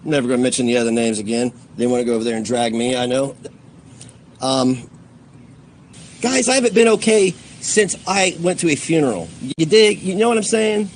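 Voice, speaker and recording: Swearing freely, a man on a livestream launches into an angry rant, animated and fairly quick. He swings from heated outbursts up high to low, bitter muttering, while faint noise hums beneath the recording.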